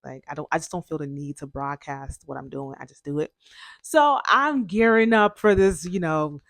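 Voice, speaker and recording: Young female podcast host, chatty storyteller, fillers and restarts, lower register, dry room. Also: moderate pace, no echo. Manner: chatty, frequent fillers and self-corrections.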